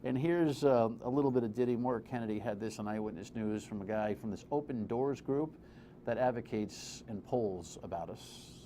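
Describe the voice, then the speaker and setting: A man's voice: mid-range voice, normal speed, warm tone. Brief: male TV host, blunt and wry, a faint hiss under the studio mic. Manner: blunt, sarcastic, conversational. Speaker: TV host and commentator. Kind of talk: opinionated TV commentary. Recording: faint background noise.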